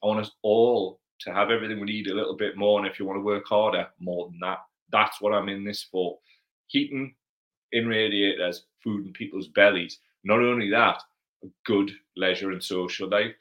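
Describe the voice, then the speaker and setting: A man's voice: lowish voice, steady tone, moderate pace, lo-fi sound. A man with a Geordie accent hosting a casual livestream Q&A, chatty and blunt, swearing freely as he reads out viewer comments. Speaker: livestream host.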